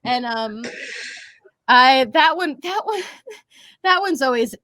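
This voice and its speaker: A young woman in her twenties chats as a podcast guest, animated and quick to laugh, slipping into character voices. Her voice sits on the higher side and sounds dry and close to the mic. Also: no room sound. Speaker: voice actress guest. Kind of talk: casual podcast interview.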